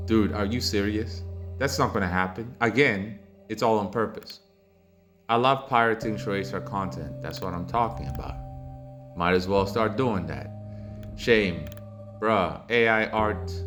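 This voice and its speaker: Host of a commentary channel, a man with a lowish voice reads viewer comments aloud and rants about them. His mocking, heated tone climbs into loud, exasperated outbursts.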